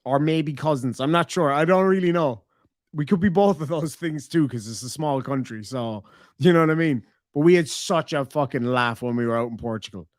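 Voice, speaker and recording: A man's voice: a little high, brisk, no room sound, studio quality. An Irish man chatting on a livestream, swearing often and teasing in casual banter. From Ireland. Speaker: streamer.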